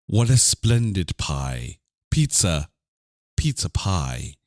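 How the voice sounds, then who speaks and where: A man doing a pompous reciter who drags out every phrase with halting, theatrical pauses. The voice is low and swoops widely up and down. The sound is close and dry. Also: big pitch swings, no echo, heavily acted. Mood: mock dramatic. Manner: slow, halting, overly dramatic recitation.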